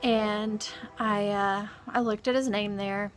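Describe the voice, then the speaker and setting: A grieving woman recounting a personal experience in a halting, soft-spoken monologue full of pauses and restarts. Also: mid-range voice, steady tone, soft background music. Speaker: vlogger.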